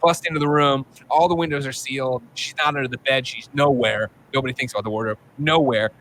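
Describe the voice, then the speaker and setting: A man in his thirties rattles through a movie recap at a rapid clip, his voice bright and a touch high. He talks animated and profane, as a podcast host would in casual chat. A faint hiss sits under the recording. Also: rough recording. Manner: animated, profane storytelling with acted-out quotes.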